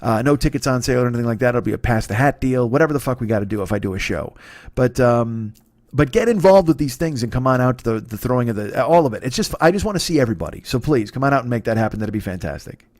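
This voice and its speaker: Comedian guy rambling through his podcast plugs, swears a lot, talks fast, dry close mic. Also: medium pitch, lively intonation, darkish tone, no room sound. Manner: profane, rambling, playful. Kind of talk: casual monologue and ad read.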